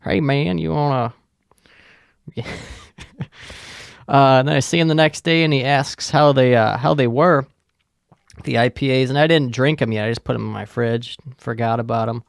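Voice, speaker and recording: Man, middle-aged, gravelly voice, dry close sound, profane rambling podcast rant. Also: medium pitch, moderate pace, no room sound. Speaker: podcast host. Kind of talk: casual solo podcast rant.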